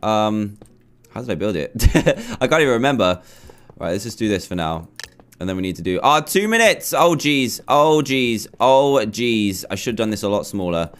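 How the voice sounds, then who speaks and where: A man's voice: on the low side, animated, moderate pace, smooth. A young man commentating his own gameplay, chatty and flustered as he talks himself through a build. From England. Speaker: gaming YouTuber.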